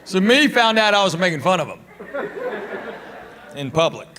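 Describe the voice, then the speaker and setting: A male stand-up comedian telling stories in a deadpan way, acting out both sides of the back-and-forth dialogues. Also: sits high, normal speed, a crowd in the background. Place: comedy club stage. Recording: loud audience laughter.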